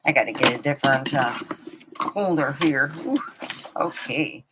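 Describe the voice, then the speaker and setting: A woman's voice: rumbling low, unhurried, heavy background noise. A middle-aged woman telling rambling comic stories in a chatty, meandering way. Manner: chatty, meandering, many fillers. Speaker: comedian. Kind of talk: rambling stand-up storytelling.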